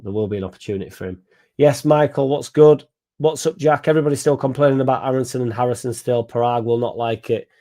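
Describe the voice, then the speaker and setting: A man's voice: mid-range voice, warm tone. A young man hosting a casual live stream, reading out comments, swearing freely and stumbling over names.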